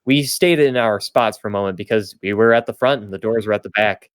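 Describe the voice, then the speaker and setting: A man's voice: fairly low pitch, brisk, clear, resonant tone, dry recording, clean studio sound. A young man hosting a podcast, reading fanfiction aloud for comedy, stumbling and correcting himself with laughing asides. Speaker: podcast host and reader.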